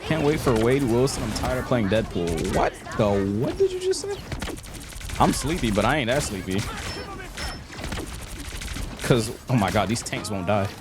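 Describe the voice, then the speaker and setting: A man's voice: mid-range voice, animated, moderate pace, long pauses, over music. A young man casually chatting on a game live stream, joking and teasing a viewer, laughing often. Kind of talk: casual live-stream chat while gaming. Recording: game sounds and noise behind.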